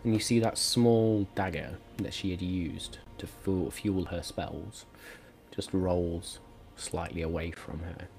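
A man's voice: sits low, steady tone, slow pace, vocal fry, darkish tone, soft background music. A man narrating as game master in a tabletop game, describing scenes at length with small hesitations.

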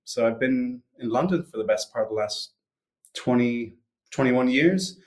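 A man's voice: medium pitch, a little slow, darkish tone. Hesitant man chatting as a podcast guest. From Switzerland and US upbringing. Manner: hesitant, frequent restarts and fillers. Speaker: guest, sales executive. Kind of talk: casual interview chat.

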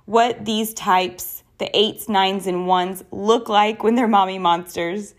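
A young adult woman hosts her own podcast in an earnest, personal way. She talks conversationally, with a voice that sits in a middle pitch. Her delivery is that of a solo speaker addressing listeners directly. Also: fairly even intonation, slow pace. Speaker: podcast host.

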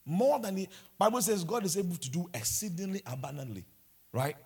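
A man preaching a sermon, telling personal stories with lively, stammering restarts. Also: sits high, a little fast, vocal fry, husky.

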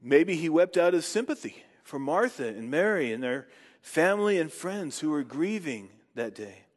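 Man, pastor, slightly high voice, dramatic pauses, long church echo. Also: big pitch swings. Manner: slow dramatic pauses, rising to emphatic questions. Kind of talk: sermon with scripture reading.

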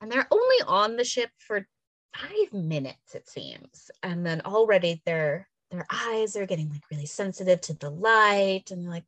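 A woman's voice: moderate pace, no room sound. A woman chatting casually as a podcast co-host, retelling a story with filler words and acting out the characters' lines. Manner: animated storyteller, acts out characters' lines with big pitch jumps; casual, filler-heavy, swears. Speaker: podcast co-host recapping an episode. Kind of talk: casual chat.

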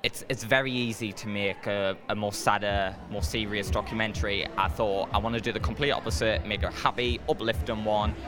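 A young man with a fairly low voice answers questions earnestly, pausing to find his words. Loud music plays behind him outdoors. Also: fairly even intonation. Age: young adult. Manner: earnest, thoughtful, some hesitation. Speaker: interviewee, graduating film student.

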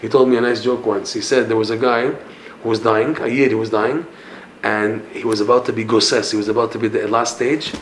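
A man's voice: mid-range voice, fairly quick, a little hiss or hum. Man teaching a Torah class in an echoey room. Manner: animated storytelling, mixing Hebrew and Yiddish terms, laughs at punchlines. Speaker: Breslov teacher. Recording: echoey room with faint ambience.

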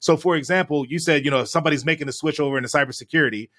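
Bright-voiced man telling a story. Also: fairly high pitch, very fast. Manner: animated storyteller, frequent "right?" tag questions. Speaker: guest. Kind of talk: storytelling in a podcast chat.

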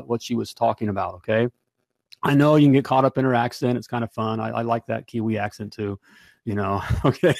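A man's voice: mid-range voice, darkish tone, dry recording. Upbeat rambling male podcast host. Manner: rambling, upbeat, many fillers. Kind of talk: casual show wrap-up.

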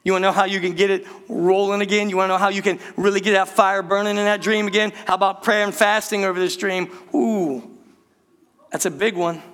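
A man preaching a lively, conversational sermon, speaking directly to his congregation. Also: high voice, brisk, big-room sound. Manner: energetic, conversational preaching with direct address to the church. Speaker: pastor. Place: church sanctuary.

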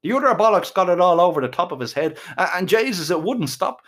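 A man's voice: sits high, expressive, fast talker, fairly bright tone. A middle-aged Irish man telling a crude, comic story with colourful swearing.

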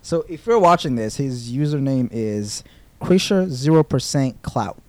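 A young man hosting a podcast, telling a story in casual chat, animated, with swearing and laughter. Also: medium pitch, measured pace, dry recording. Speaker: podcast host. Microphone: podcast microphone.

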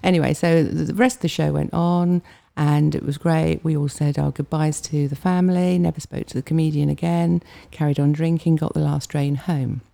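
Middle-aged woman from Hampshire, gravelly low voice, chatty storyteller, interview guest. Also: fairly even intonation, moderate pace, hardly any pauses, mellow. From Hampshire, England. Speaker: guest, comedy night organiser.

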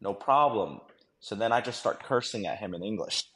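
A man's voice: lowish voice, fast, fairly bright tone. A man, a former army dog handler, telling a war story on a podcast in a casual, slangy way full of fillers and "right?". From United States.

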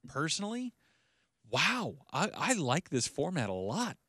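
A man's voice: a little high, sing-song, a little slow, sharp tone, husky, dry recording, clean studio sound. A man co-hosting a casual podcast chat, speaking with enthusiasm and emphasis. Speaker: podcast co-host.

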